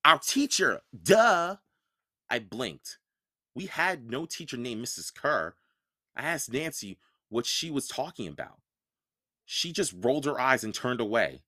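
Podcast audiobook reader, male, lively storytelling, dry close mic. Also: medium pitch, a little slow, dry recording. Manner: expressive storytelling. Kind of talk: first-person audiobook narration.

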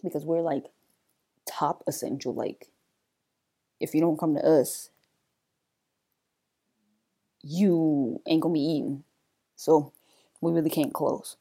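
A woman's voice: sits low, steady tone, a little slow, pauses often, dark tone, slightly rough. A young woman hosting her own podcast, chatting casually and playfully, sleepy and yawning early in the morning. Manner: chatty, loose, playful asides. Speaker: podcast host. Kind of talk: casual solo podcast chat.

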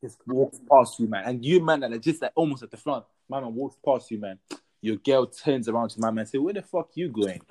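A young man, telling a story in an animated, slang-heavy podcast chat. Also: medium pitch, fairly quick. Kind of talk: casual chat.

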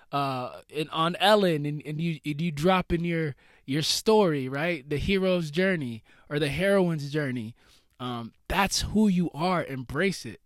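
A man's voice: a little high, no room sound, studio quality. A man hosting a motivational solo podcast, talking in a casual, slangy way and calling his listeners "baby". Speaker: podcast host.

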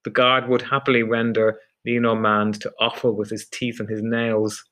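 A man narrating a dark story in a measured, deliberate audiobook reading. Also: mid-range voice, completely flat delivery.

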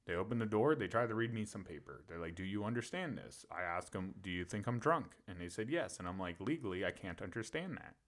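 Animated, profane male storyteller. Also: fairly low pitch, brisk, hardly any pauses. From Pennsylvania. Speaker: podcast co-host. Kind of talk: casual storytelling.

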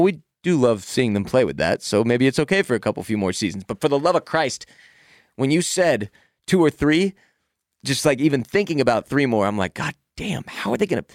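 A man co-hosting a podcast in casual chat, opinionated and animated, cutting in on his partner. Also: mid-range voice, no echo, clean studio sound. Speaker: podcast co-host.

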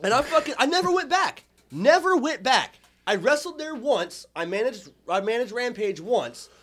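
A man hosting a podcast, telling a wrestling story in a profane, animated, joking way. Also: extremely high pitch, normal speed. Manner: profane, animated, laughs often. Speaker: podcast host, former wrestling manager. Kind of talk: casual storytelling chat.

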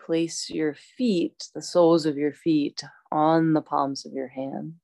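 A woman teaching a yoga class, calmly cueing poses and breaths with chatty asides. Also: sits low, takes it slowly, vocal fry, no room sound. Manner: calm, instructive, chatty asides.

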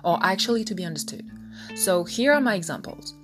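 A young French woman with a French accent, her voice sitting a little low, coaches English pronunciation in an upbeat podcast lesson. She slows down to repeat example words for the listener. Guitar music plays clearly underneath her. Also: animated. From France.

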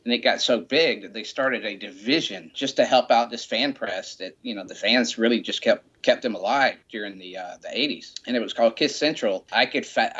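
Male guest, low-pitched, easygoing rambling anecdotes, muffled sound. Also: sharp tone. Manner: rambling, many "you know" fillers. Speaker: guest, rock memorabilia shop owner. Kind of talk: casual storytelling.

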